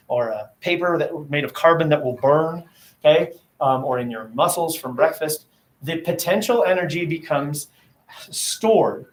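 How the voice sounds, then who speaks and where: A man teaching an English class, sounding out letters aloud and quizzing his students as he goes. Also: fairly high pitch. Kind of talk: classroom lecture. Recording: roomy classroom echo.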